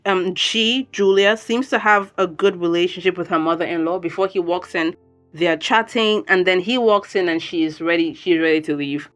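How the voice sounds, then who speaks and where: A woman recording a casual spoken recap at home, chatty and animated, often breaking off with laughs and asides. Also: medium pitch. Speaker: video commentator.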